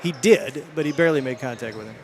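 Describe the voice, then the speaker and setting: A man with a Michigan accent calling a high school basketball game play by play, quick and rising for big plays. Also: a little mellow. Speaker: play-by-play announcer. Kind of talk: live basketball commentary. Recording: gym ambience, bouncing ball noise.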